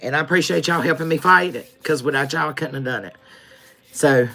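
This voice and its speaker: A woman with a drawl speaks in an emphatic, preacher-like livestream style, repeating her points for weight. Her tone is bright and forward. Soft music plays faintly behind her. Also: deep voice, brisk, vocal fry. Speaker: livestream tarot reader. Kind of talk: spiritual livestream sign-off.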